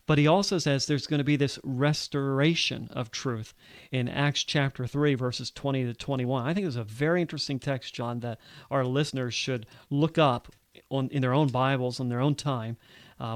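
A man from Alabama, an earnest Bible teacher on a radio show, explaining scripture in conversation and reading verses aloud slowly. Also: medium pitch, no room sound.

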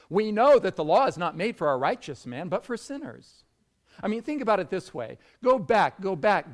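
A man preaching a sermon, telling a story and then walking his listeners through a scripture passage. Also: sits high. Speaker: pastor.

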